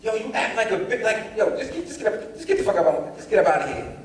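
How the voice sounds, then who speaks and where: A man voicing a stern, gruff middle-aged father who talks in curt commands, heard from a distance in an echoey hall. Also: high-pitched, sing-song, quick pace, a little hiss or hum. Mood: angry. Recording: echoey hall, distant mic, faint ambience.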